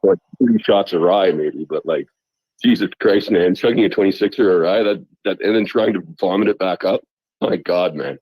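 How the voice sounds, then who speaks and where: A man cracking loud, profane jokes in a casual chat. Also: low-pitched, moderate pace, breathy edge, no room sound, rough recording.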